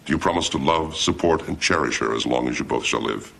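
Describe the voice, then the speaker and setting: An actor playing a hammy, attention-loving minister officiating a sitcom wedding. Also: male voice, very deep voice, quick pace, gravelly, a bit bright, full character voice. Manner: hammy, showboating. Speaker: sitcom character.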